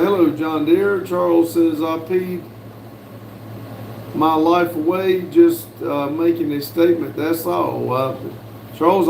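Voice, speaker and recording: A man from the United States hosting a casual livestream, reading viewers' messages aloud in a folksy, unhurried way with lots of "uh"s. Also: fairly high pitch, darkish tone, a little hiss or hum. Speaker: livestream host reading chat. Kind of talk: casual live chat. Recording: roomy with faint background ambience.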